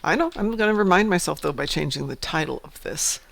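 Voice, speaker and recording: A woman with a gravelly, creaky voice chats casually while co-hosting a gaming stream. She reacts quickly and with animation, her pitch leaping up on surprises. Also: expressive, fairly bright tone. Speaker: co-host of a gaming livestream. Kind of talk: casual chat.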